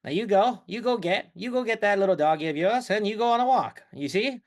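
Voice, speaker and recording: A blustering 1950s movie tough guy barks orders in a raised, punchy voice, as a man puts him on. He speaks in a loud, theatrical old-movie manner, bossy and sure of himself. His pitch swings freely from line to line. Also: lively intonation, moderate pace, natural voice.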